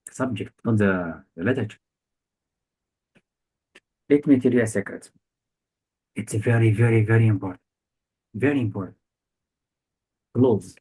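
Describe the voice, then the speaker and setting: Heard over poor audio, a male English test tutor with a lowish, husky, darkish voice gives a one-on-one grammar lesson. He quizzes the student through short questions asked repeatedly, with non-native phrasing.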